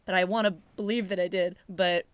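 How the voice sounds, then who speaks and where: A woman's voice: fairly low pitch, fairly even intonation, a little fast, clear, resonant tone, no room sound. A young woman co-hosting a podcast, talking in a candid, reflective, casual way. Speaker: podcast co-host.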